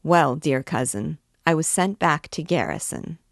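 A woman's voice: low voice, measured pace, no room sound, studio quality. A woman reading aloud as a vain, evasive young male army captain who talks in a breezy, offhand way.

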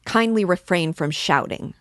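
Lady reading as a puffed-up grumpy cop guy, low voice, dry sound. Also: lively intonation, moderate pace, no room sound, natural voice. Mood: indignant. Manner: indignant, blustering. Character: irritable male police officer, pompous, easily offended.

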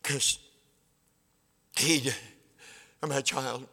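An elderly pastor, in his seventies, draws out his words in a bright, forceful, medium-pitched voice with fairly even intonation. His sermon is homespun and plain-spoken, told through stories with acted-out dialogue, and it echoes with the reverb of a church sanctuary.

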